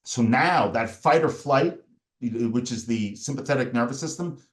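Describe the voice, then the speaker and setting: A man's voice: mid-range voice, unhurried. A man, a performance coach, explaining a method step by step in a podcast interview and briefly acting out the voices of people in the story. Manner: explains step by step, acts out angry inner voices.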